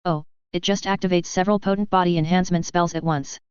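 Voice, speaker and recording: A woman's voice: fairly low pitch, steady tone, quick pace, a little mellow, clean tone, no room sound, dull audio, lightly acted. A woman voicing a blunt female mage who lectures in an incredulous way in an audiobook.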